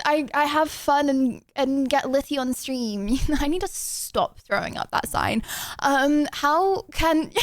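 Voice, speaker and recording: A young woman with a high, bright voice chats to her stream in a giggly, rambling way, full of ums and restarts. The sound is dry and close, from a desk microphone. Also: dry recording. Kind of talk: casual live-stream chat.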